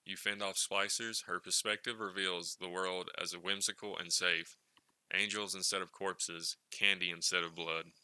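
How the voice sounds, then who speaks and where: A man giving scripted narration for a video retrospective, in a steady, explanatory manner. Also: sits low, normal speed, smooth, dry recording, rough recording.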